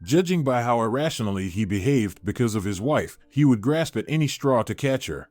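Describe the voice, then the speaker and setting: Man narrating a story over soft music. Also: mid-range voice, animated, brisk, no echo.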